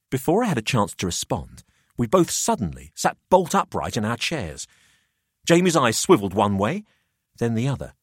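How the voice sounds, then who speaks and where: A man's voice: medium pitch, wildly swooping pitch, slightly rough, no echo, studio quality. A man reading a macabre story aloud as narrator. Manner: measured storytelling. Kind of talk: audiobook narration.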